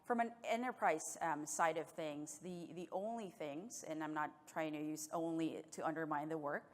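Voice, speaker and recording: A woman moderates a conference session, her words stumbling through repeated restarts. Her voice sits very low for a woman. The long reverb of a large hall rings around her. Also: normal speed.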